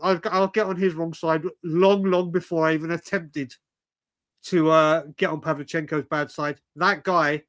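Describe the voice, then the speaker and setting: A man's voice: on the high side, fairly even intonation, moderate pace, a bit bright. A man, telling stories animatedly on a casual live stream, swearing and saying "mate" constantly. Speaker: co-host.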